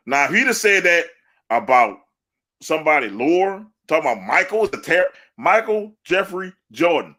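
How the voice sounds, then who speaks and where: A man holds forth in loose, laughing sports banter and ribs people with gusto. His voice sits a little high and rings bright and forceful. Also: normal speed. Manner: animated, laughing, trash-talking. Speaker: podcast co-host.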